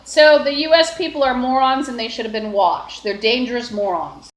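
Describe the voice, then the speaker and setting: Talking at a normal speed, this woman wanders through a rambling solo live stream on her phone. Her voice is slightly high, and she keeps using fillers and making false starts. The apartment room makes her sound noticeably echoey.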